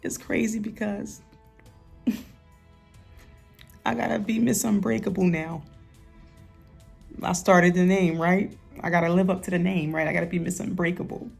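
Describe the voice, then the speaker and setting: Woman, rapper, husky voice, gravelly fry, low-pitched, frank and profane, candid interview. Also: fairly even intonation, a little slow, pauses often, darkish tone, faint music behind. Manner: frank and profane, gets playful and laughs. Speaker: rapper interviewed about her life.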